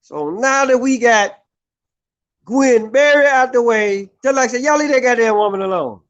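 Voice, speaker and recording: Man, very high voice, vlogger ranting hard and cursing, circles back on points, keeps checking in with "right?". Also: animated, moderate pace, dull audio. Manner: heated, repetitive, keeps asking "right?". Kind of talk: profane opinion rant.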